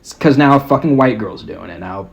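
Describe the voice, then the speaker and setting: A young man at a middle pitch rants on his own podcast, swearing constantly and sounding exasperated. His tone is mocking and scornful throughout. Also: expressive, brisk, gravelly, a little hiss or hum. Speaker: podcast host. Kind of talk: casual rant.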